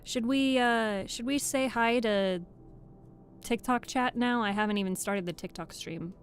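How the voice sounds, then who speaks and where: A woman's voice: fairly high pitch, measured pace, faint music behind. A young woman chatting and joking casually with her live-stream viewers at the microphone. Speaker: streamer and audiobook reader.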